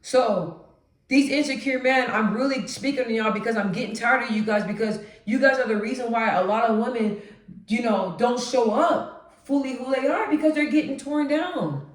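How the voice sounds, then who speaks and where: A woman vlogging straight to camera, with a naturally deep voice she lifts a notch as she talks emphatically. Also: normal speed, echoey room. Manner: emphatic, animated, conversational. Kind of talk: direct-to-camera monologue.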